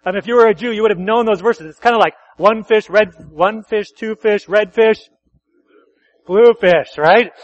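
During a church service, a pastor gives a conversational sermon, catching and correcting himself and asking the congregation questions. He speaks at normal speed in a high-pitched male voice, with lo-fi sound and no room sound.

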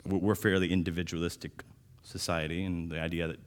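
Pastor, male, very deep voice; casual sermon delivery, restarts, punchy emphasis. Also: level tone, fast. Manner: conversational, with restarts and sudden louder emphasis.

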